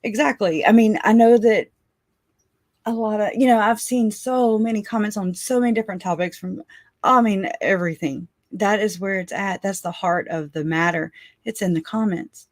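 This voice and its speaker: A woman hosting a casual livestream, rambling warmly and laughing often as she reads out and thanks viewers for their comments. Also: medium pitch, moderate pace, no echo, clean studio sound. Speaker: livestream host.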